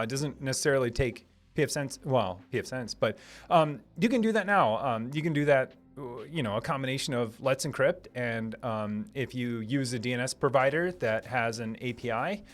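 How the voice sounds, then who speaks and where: Upbeat Minnesota man chatting on stream. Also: medium pitch. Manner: enthusiastic, lots of fillers and restarts. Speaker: streamer host answering chat; software engineer. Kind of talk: casual live-stream chat.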